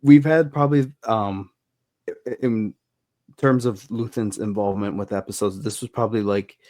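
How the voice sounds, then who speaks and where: A man's voice: lowish voice, fairly even intonation, moderate pace, darkish tone, no room sound, studio quality. A man appearing as a guest in a casual review discussion, recapping scenes hesitantly with many fillers and restarts.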